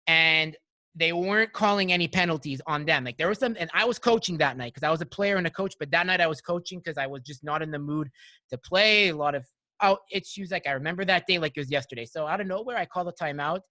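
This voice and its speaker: A man's voice: a little high, fast, sharp tone, no room sound. A man from Montreal hosting a podcast, telling stories in a rambling, casual way full of "like" and "you know". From Montreal, Canada. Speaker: podcast host. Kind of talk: casual chat, storytelling.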